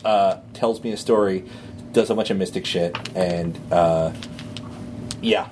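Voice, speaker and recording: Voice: low voice, unhurried. A player in a tabletop role-playing game, talking in a chatty, hesitant way. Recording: noisy recording.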